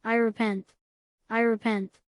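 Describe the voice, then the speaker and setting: A big, strong miner full of guilt, wailing that he repents over and over, as a woman reads him aloud. The voice sits a little high and the sound is dry and close, with no room around it. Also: flat delivery, a little slow, dry recording, close to an everyday voice. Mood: feeble. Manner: wailing, repeating his repentance.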